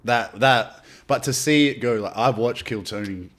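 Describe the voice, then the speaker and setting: An Australian man in casual podcast chat, telling animated anecdotes and swearing freely. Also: mid-range voice, normal speed. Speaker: podcast guest, artist.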